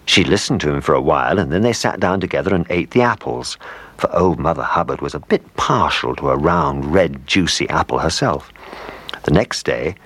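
A man's voice: extremely low pitch, expressive, normal speed, a bit bright. A man reading a children's story aloud, playful, with asides to the listener.

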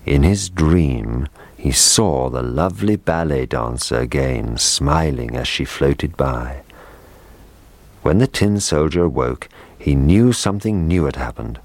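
A man reading a children's story aloud in a gentle, measured storytelling manner. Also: very deep voice, dry recording.

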